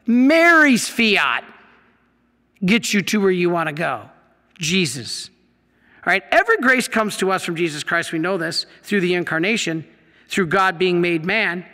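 A man, a Catholic priest, teaching his audience from slides in an animated way, with many rhetorical questions. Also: high voice, moderate pace. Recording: long hall reverb.

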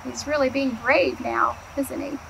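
A high-voiced woman, an early childhood educator, reads a picture book aloud to young children against a noisy background. She's animated and asks the kids questions that she then answers herself. Her storytime delivery is slow and clear.

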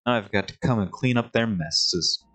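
A man doing a gruff reluctant older sibling. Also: lowish voice, normal speed, a bit bright, no echo, faint music behind. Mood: grudging. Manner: gruff, grumbling.

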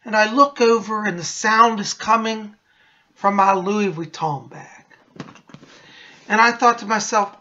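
A man's voice: sits high, measured pace, long pauses, bright, forceful tone. A man hosting his psychic channel, telling a story in a chatty, theatrical vlog manner, in a dull lo-fi recording.

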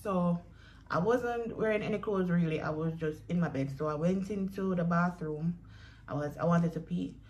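A woman's voice: fairly low pitch, moderate pace, a little mellow, muffled recording. A young Jamaican woman in a chatty storytelling vlog who speaks straight to her viewers. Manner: chatty, addresses viewers directly, acts out quoted voices. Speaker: vlogger.

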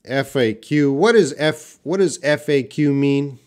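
A man teaching a live online English writing lesson, reading example sentences aloud and quizzing viewers in a patient, unhurried way. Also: medium pitch, a little mellow.

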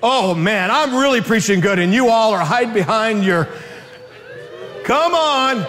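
A middle-aged male pastor preaching a lively sermon with comic stories, acting out voices and shouting in bursts. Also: high-pitched, unhurried.

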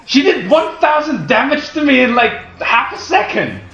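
A young man playing a video game and commentating, loud and profane, breaking into high yells when things go wrong. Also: sing-song, normal speed. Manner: loud, swearing, bursts into high-pitched yells. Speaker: gamer. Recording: roomy dull home recording.

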